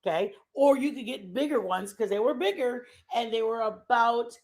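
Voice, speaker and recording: A woman streaming a casual chat, telling a rambling travel story in an animated way and laughing often. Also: on the high side, moderate pace. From Texas. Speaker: stream host.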